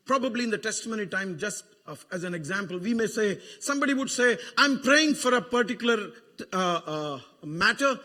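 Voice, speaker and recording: A man with a Malayali accent preaching an emotional sermon as pastor, building to fervent shouted prayer. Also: very high-pitched. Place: church sanctuary. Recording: long church reverb.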